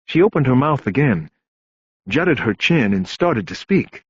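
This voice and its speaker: Husky male crime novel narrator. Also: mid-range voice, very animated, moderate pace, no room sound. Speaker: audiobook narrator. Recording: dull, dry audiobook recording.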